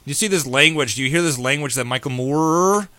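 A man hosting a talk radio show, brash and sarcastic in quick banter with his co-host. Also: fairly high pitch, pushed and bright, no echo. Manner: brash, sarcastic, rapid-fire. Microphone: studio microphone.

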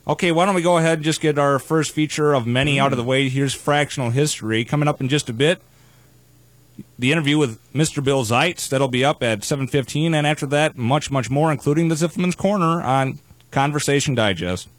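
A man's voice: a little high, brisk, dry recording. A man hosting a live radio show in a studio, talking in a wordy, playfully pompous way with casual banter.

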